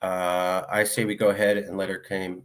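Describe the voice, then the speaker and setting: A man's voice: low-pitched, level tone. A man giving casual political commentary, reading viewer comments aloud one after another. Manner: reads viewer comments aloud in quick succession.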